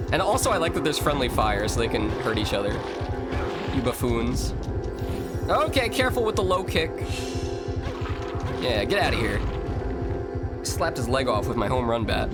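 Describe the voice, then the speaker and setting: A man streaming a horror game live, rambling and reacting loudly, chatting with viewers as he plays. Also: medium pitch. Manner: animated, rambling, reading chat, exclamatory. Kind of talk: casual live-stream commentary.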